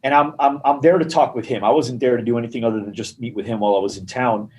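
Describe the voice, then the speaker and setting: A man's voice: medium pitch, fast, rough recording. A man on a podcast telling a sales story in casual talk, acting out the people in it. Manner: animated storyteller acting out dialogue. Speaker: gym marketing guest.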